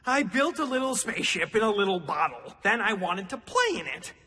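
An actor voicing an excitable little cartoon robot who beeps and plays astronaut. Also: male voice, high voice, brisk, noisy background. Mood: explaining. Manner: giddy, playful, makes beeping noises. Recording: cartoon with loud music behind.

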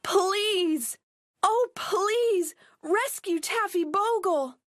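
Two anxious little girls from a picture book, as a woman reader voices them cry out in piping, pleading tones. Their voices leap high and swoop widely, close and dry. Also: big pitch swings, measured pace, slightly rough, no room sound, exaggerated voice. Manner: high, pleading, urgent cries.

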